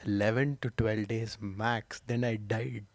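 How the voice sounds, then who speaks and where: A man's voice: on the low side, steady tone, unhurried, no echo. A young man from India on a podcast, chipping in with short, dry remarks in casual chat. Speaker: podcast co-host. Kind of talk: casual chat among friends.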